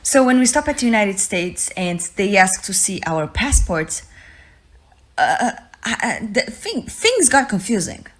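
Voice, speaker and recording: A woman from Portugal telling a travel anecdote, earnest and slightly halting. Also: medium pitch, big pitch swings, a bit bright. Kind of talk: casual storytelling.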